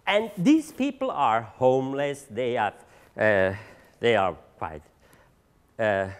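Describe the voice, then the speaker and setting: Animated man giving a talk. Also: medium pitch. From Switzerland. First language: German. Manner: halting, repeats words, searches for English words. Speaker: drug treatment agency leader giving a seminar talk. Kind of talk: conference presentation. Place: seminar room.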